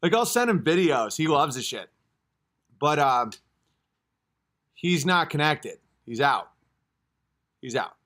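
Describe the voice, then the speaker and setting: Livestream host, thirties male, chatty and joking, very animated pitch. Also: slow, pauses often. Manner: rambling, joking, swings to loud acted outbursts. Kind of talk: casual livestream chat reading live comments.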